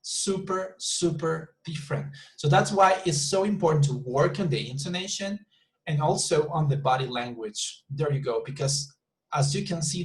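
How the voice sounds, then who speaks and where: A man's voice: on the high side, a little mellow, poor audio. A man with a slightly raised voice teaches an online English class over a video call. He explains patiently, repeats words often and keeps checking that students follow. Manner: repeats words often, says "you see" and "super" a lot.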